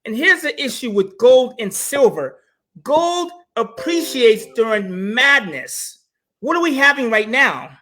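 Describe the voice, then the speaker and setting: A man talking casually about investing, animated and joking as he tells stories. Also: very high-pitched, a little slow. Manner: animated storyteller, joking asides.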